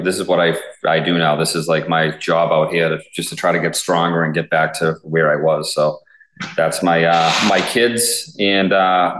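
A man speaking as a podcast guest from his home garage gym, halting and blunt, with many fillers and some swearing. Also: deep voice, a bit bright. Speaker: guest, police K9 officer. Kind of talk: casual interview conversation. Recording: echoey garage room.

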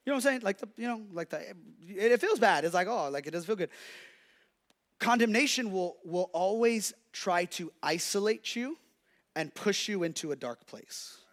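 A man pastor preaching a sermon with lots of energy, acting out the voices of God and the devil. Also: sits high. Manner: preaching to a congregation, playing the devil's and God's voices; energetic, with quick restarts and repeated calls.

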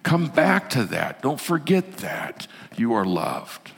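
A male pastor preaching a sermon in an animated way, swinging from loud to hushed, heard in a reverberant church hall. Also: mid-range voice, slow, vocal fry, breathy edge.

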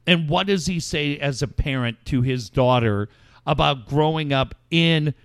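A man's voice: a little high, a little slow, smooth, dry recording, clean studio sound. A man hosting a podcast, telling long stories in casual, profanity-heavy chat. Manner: profane, rambling storyteller. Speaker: podcast host.

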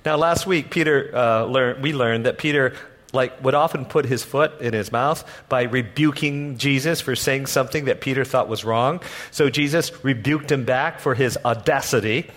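A man preaching a sermon as pastor, telling the story in a lively way and acting out the people in it with humor. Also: mid-range voice, moderate pace. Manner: animated storytelling, acts out voices with humor.

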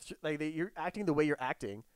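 A man's voice: fairly high pitch, expressive, quick pace, clean tone, dry recording. A man chatting casually, rambling through a story full of restarts and quoted dialogue.

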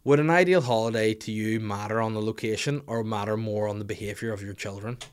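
A man's voice: on the low side, fast talker, clear, resonant tone. A man, hosting a podcast in casual, rambling comic banter full of crude jokes. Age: 30s. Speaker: podcast host. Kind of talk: casual chat.

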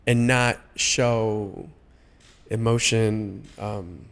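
A young adult man sharing personal stories in a casual, heartfelt conversation, often pausing and restarting his sentences. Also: fairly low pitch, fairly even intonation, clear, resonant tone. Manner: halting, many restarts and fillers.

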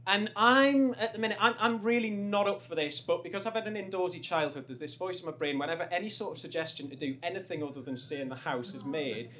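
A man's voice: high-pitched, quick pace, few pauses, bright, forceful tone. A young man from North East England telling a funny personal story on stage, rambling and self-deprecating, with many restarts.

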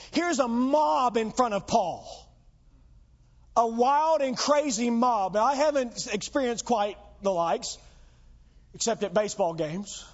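A man's voice: extremely high pitch, muffled recording. A man preaching a sermon as pastor, emphatic and full of rhetorical questions to the congregation.

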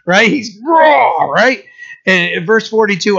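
Animated man teaching scripture, lo-fi. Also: sits high, creaky. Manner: animated, asks "right?" often, reads verses slowly. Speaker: Bible teacher. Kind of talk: conversational Bible teaching. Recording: dull lo-fi recording.

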